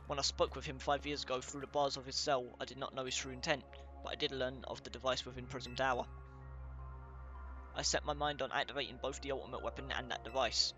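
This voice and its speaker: Bright-voiced young man reading game text. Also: medium pitch. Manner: casual, swears, stumbles over names and words while reading. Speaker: let's play gamer. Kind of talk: casual gameplay commentary, reading game text aloud.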